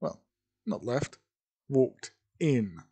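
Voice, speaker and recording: A man narrates a homemade story at a slow, unhurried pace, often stopping to correct himself mid-sentence. His pitch swings widely while the tone stays dark and mellow. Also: very animated, slightly rough. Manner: rambling, self-correcting, hesitant. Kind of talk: improvised fan-fiction narration.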